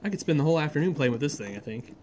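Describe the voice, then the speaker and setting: A man's voice: fairly high pitch, expressive, rapid-fire, a little mellow, muffled recording, slight background noise. A man casually reviewing a farm toy model, chatty and enthusiastic, rambling and correcting himself as he goes. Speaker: scale model reviewer, channel host.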